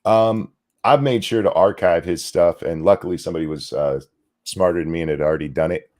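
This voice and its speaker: A man hosting a ranting commentary show, profane and indignant, talking in fast bursts. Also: low voice, a little mellow.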